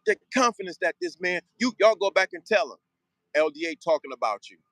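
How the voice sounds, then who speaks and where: A man's voice: sits high, lively intonation, brisk, fairly bright tone, dry recording, low-quality recording. A man hosting a show, giving an emphatic motivational monologue full of slang and repeated phrases. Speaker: show host.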